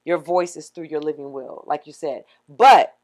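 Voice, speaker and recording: Woman, Washington DC accent, middle-aged, podcast co-host, animated, casual chat. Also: deep voice, normal speed. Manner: animated storyteller, acts out quotes.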